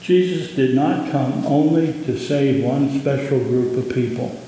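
A man with a Southern US accent, a pastor giving an impassioned sermon that rises in pitch on key points. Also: measured pace, mellow, slight background noise. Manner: impassioned preaching, rising in pitch on emphasis. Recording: echoey hall with long reverb.

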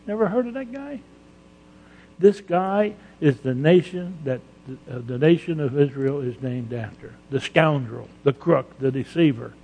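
A man's voice: a little high, animated, a little slow, breathy edge, lo-fi sound. A male pastor preaching a sermon emphatically, with rhetorical questions and dramatized quotes in a church sanctuary. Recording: long reverb of a large hall.

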